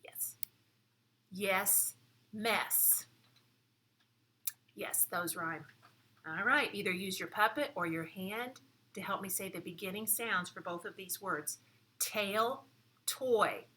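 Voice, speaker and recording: Brief: female preschool teacher, slow and patient, bright tone, clear instructions for young kids. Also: mid-range voice. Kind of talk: children's lesson. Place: classroom.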